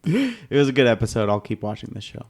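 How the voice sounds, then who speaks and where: A man's voice: lowish voice, steady tone, rapid-fire, gravelly. Playful joking man, casual podcast chat. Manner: playful, dramatic, jokey. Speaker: podcast co-host.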